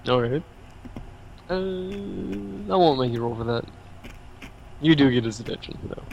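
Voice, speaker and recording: A man's voice: on the high side, animated, unhurried, vocal fry, darkish tone, dull audio, a little hiss or hum. Easygoing male game master. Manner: easygoing, laughs often, loose narration. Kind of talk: running a tabletop game.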